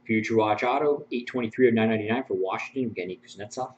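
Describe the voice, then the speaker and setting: A man's voice: on the low side, fast talker, darkish tone. A man hosting a live-streamed card break, rattling off card names and serial numbers and chuckling as he chats with viewers. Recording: muffled stream audio with faint hum.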